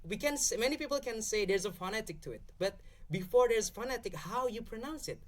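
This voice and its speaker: A man's voice: high voice, expressive, brisk. Indonesian-accented young man explaining. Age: young adult. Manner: explanatory, keeps checking in with "okay?". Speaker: podcast guest speaker. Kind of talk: casual explanatory podcast talk.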